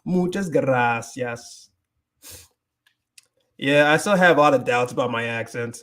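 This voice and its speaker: A man's voice: mid-range voice, measured pace, a bit bright. A man hosting a casual livestream, rambling with many restarts, switching between English and Spanish and reading viewer comments aloud. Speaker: livestream host.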